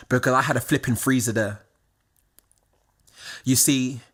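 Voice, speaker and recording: A man, telling a scripted personal story, moving from quiet confiding tones to excited exclamations. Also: mid-range voice.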